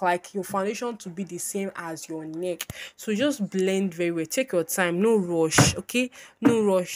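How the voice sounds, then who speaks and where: A woman's voice: lowish voice, a little mellow. A woman hosting a casual makeup tutorial, chatty and bubbly, who repeats her instructions again and again.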